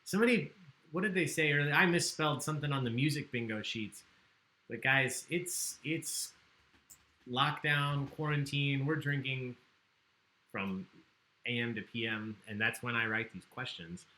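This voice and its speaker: Man, trivia host, chatty and joking, bright tone, echoey room. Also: medium pitch, normal speed. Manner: chatty, joking, reads questions aloud. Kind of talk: livestream trivia hosting.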